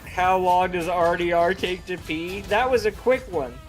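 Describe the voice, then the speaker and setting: A man's voice: sits high, a little slow, faint music behind. A man co-hosting a game stream, chatting casually and joking with his partner and the chat. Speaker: streamer co-host.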